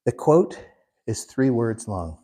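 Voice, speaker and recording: A man teaching a Bible class in an unhurried way, putting questions to the class. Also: medium pitch, very animated, warm tone, breathy edge. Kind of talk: interactive Bible class lesson.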